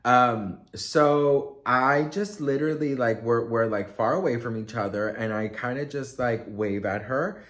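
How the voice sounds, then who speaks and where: A man telling a story casually to camera, chatty and expressive, acting out quotes with lots of fillers. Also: medium pitch, measured pace. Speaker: vlogger and storyteller.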